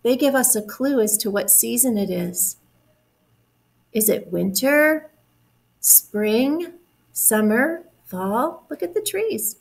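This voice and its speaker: A woman reading a picture book aloud to young children, stopping to explain words and ask questions. She speaks slowly and patiently, with a slightly high voice that encourages the listeners. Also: lively intonation, gravelly, husky, poor audio.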